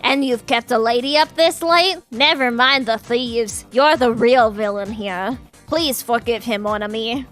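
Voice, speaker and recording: A woman putting on a suave gentleman dove with a French lilt. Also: a little high, unhurried, few pauses, soft background music. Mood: smooth courtly. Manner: courtly, with a put-on French accent. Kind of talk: live-streamed game reading.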